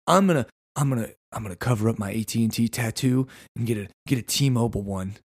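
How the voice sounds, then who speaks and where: A man's voice: medium pitch, fast talker, slightly rough. A podcast host, a man, ranting sarcastically in a casual solo talk and acting out mock conversations. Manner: animated, sarcastic, acts out mock dialogues.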